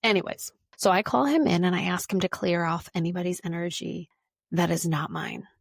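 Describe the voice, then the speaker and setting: Low, gravelly-voiced woman hosting a wellness podcast. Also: brisk, no room sound, clean studio sound. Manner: chatty, informal, repeats words for emphasis. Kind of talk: casual podcast monologue.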